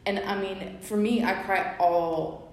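Woman, gravelly voice, earnest faith podcast co-host, very echoey room. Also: mid-range voice, fairly even intonation, a little slow, darkish tone. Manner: earnest, explanatory, many fillers. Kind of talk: casual faith chat, teaching scripture. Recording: very echoey room with faint ambience.

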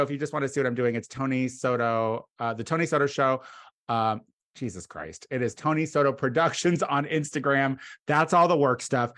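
A man co-hosting a casual comedic podcast, excitable and quick to jump up in pitch when amused. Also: dry recording, clean studio sound. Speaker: podcast co-host.

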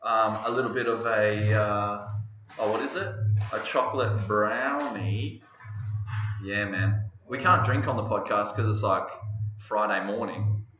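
A man's voice: fairly low pitch, measured pace, sharp tone, a little hiss or hum. A young Australian man hosting a fitness podcast in a loose, joking, rambling way. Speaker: podcast host and fitness coach. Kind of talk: casual podcast chat. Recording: echoey room, dull lo-fi sound.

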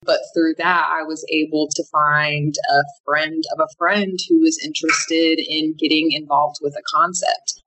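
Young female founder, low voice, candid and halting interview guest. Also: level tone, pushed and bright, a little hiss or hum, low-quality recording. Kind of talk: casual interview answers.

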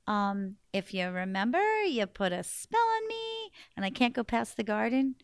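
A woman's voice: fairly high pitch, clean tone, no room sound, studio quality. Woman doing a sassy clever young lady. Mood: flattering. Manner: brisk, flattering, sassy chatter. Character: chatty clever young woman captive of the giant.

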